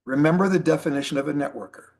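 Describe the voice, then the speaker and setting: A middle-aged man giving a motivational training talk as a network marketing trainer, animated and repeating his key points for emphasis. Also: on the high side, racing, creaky.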